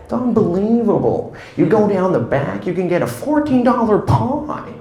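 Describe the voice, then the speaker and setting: A man doing a laid-back celebrity pilot who marvels at everything in a breathy, high drawl. The voice floats up into a light, wondering register. It rings out in a small, echoey room. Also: very animated, moderate pace, background noise. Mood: dreamy.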